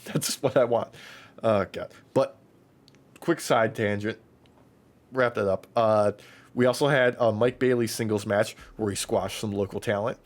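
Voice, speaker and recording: A man co-hosting a podcast in casual chat, excitedly recapping wrestling matches and swearing freely. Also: lowish voice, unhurried. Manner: excitable, profane, recaps matches with acted-out quotes. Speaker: podcast co-host.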